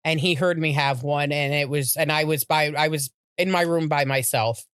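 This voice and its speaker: A middle-aged woman, a podcast co-host, telling a personal story in a halting, heartfelt way with many restarts. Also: low-pitched, fairly even intonation, fairly bright tone, clear, resonant tone, no room sound, clean studio sound.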